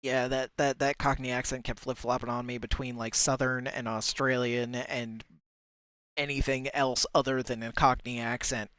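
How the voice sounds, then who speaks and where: A man reads a short story aloud on a livestream show, breaking in now and then with wry, self-mocking remarks. His voice sits at an ordinary pitch and sounds dry and close to the mic. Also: level tone, moderate pace, fairly bright tone, clean tone, dry recording. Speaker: podcast host and reader. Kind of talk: reading fiction aloud on a livestream.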